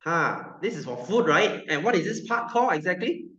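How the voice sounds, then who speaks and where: A man's voice: high-pitched, very animated, brisk, a bit bright. A male science teacher with a Malaysian English accent lecturing a class, joking, repeating himself and firing questions at students. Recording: roomy classroom, dull lo-fi sound.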